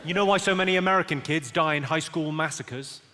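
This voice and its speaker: A British man performing live stand-up, delivering one-liners in a dry, deadpan way on a comedy stage. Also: on the high side, fairly quick, a loud crowd, heavy background noise. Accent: British English.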